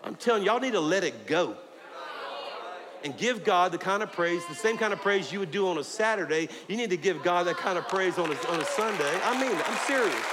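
Fiery preacher in a big reverberant hall. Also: male voice, high-pitched. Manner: fiery, preaching with shouts and call-outs to the congregation. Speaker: pastor. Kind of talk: sermon. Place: church sanctuary with a congregation. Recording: long hall reverb, faint crowd and noise.

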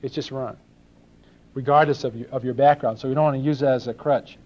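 The older preacher from Los Angeles has a medium-pitched, steady, slightly mellow voice and a brisk pace here. He keeps his sermon conversational, quizzing the congregation and playing out brief dialogues. The recording is dull and lo-fi.

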